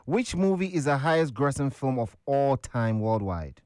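A man's voice: mid-range voice, sing-song, moderate pace, darkish tone, no room sound, clean studio sound. A man with a Ghanaian accent hosting a casual, upbeat call-in quiz on the radio. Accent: Ghanaian English. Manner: casual, upbeat, chatty with callers.

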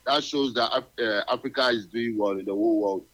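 A man's voice: medium pitch, fairly quick, a bit bright. A man calling into a radio show, cheerful and rambling with many fillers. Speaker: caller. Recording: phone call on radio.

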